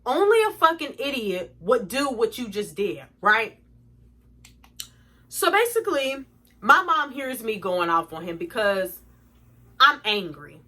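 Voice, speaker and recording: A woman's voice: on the high side, sing-song, measured pace, long pauses, sharp tone. A young woman telling a storytime to her viewers, blunt, profane and indignant as she rants. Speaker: vlogger. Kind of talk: storytime rant.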